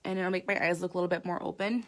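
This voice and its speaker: A woman's voice: on the low side, fairly even intonation, rapid-fire. A woman makeup artist giving a chatty live makeup tutorial, talking straight to her viewers.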